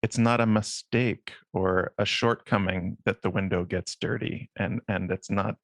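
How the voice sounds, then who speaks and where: Slow, thoughtful male host. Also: lowish voice, fairly even intonation, vocal fry, a bit bright, dry recording, studio quality. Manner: thoughtful, slightly halting. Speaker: podcast host. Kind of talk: conversational interview.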